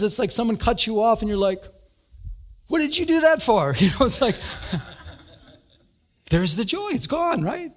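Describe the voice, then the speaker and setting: A middle-aged man preaching a sermon in a conversational, animated way, telling stories and mimicking sounds. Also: high-pitched, husky. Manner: conversational, animated storytelling with sound effects and quoted voices. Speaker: pastor.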